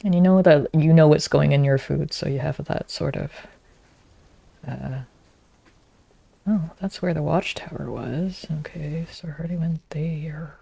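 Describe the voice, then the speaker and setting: A woman's voice: sits low, unhurried, creaky, pauses often, warm tone, dry recording. A woman streaming a game, chatting casually and teasing her viewers.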